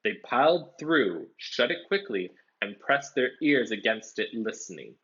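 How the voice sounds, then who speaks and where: Guy reading a story out loud and explaining words, bouncy voice, kinda dull muffled audio. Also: medium pitch, unhurried, few pauses, breathy edge. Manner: animated, explains words as he reads. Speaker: storybook reader. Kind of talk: read-aloud with explanatory commentary. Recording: dull lo-fi recording.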